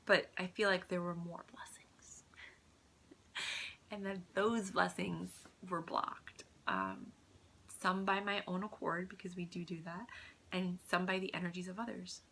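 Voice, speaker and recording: Woman, gravelly, bright, soft earnest home vlog, drops into whispers. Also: on the low side, a little slow, a little hiss or hum. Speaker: vlogger. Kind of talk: personal spiritual vlog.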